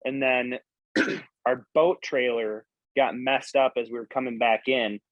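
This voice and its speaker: A man's voice: mid-range voice, little pitch movement, unhurried, a bit bright, dry recording, highs cut off. A man in a casual podcast chat, telling a story animatedly and swearing casually.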